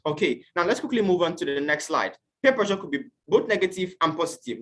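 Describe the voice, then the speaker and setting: A man from Nigeria teaching an online class, earnest and questioning, at times acting out shouted quotes. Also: a little high. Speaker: youth teacher.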